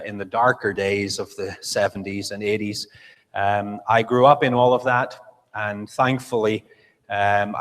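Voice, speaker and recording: A man's voice: on the low side, a bit bright. Northern irish guy, middle-aged, chatty missionary talk at church, lots of ums, long echo off the hall. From Northern Ireland. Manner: conversational, self-deprecating humor, frequent fillers. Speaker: visiting missionary speaker. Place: church sanctuary.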